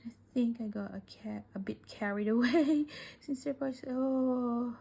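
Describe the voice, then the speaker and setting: A woman vlogger unboxing crafting gifts in casual chat, gushing and emotional, often dropping to soft whispers, tearful and welling up. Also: fairly high pitch, steady tone, creaky, breathy edge. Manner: slow, with many fillers and sighs.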